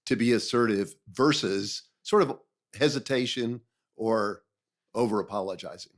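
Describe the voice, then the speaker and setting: A man's voice: lowish voice, unhurried. A man hosting an interview, affirming his guest and posing questions with some hesitation. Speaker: host.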